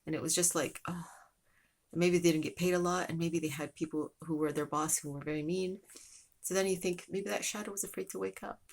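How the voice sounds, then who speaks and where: Breathy, low woman rambling through a story. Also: steady tone, brisk. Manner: rambling and meandering, many fillers. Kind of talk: casual spoken storytelling lesson.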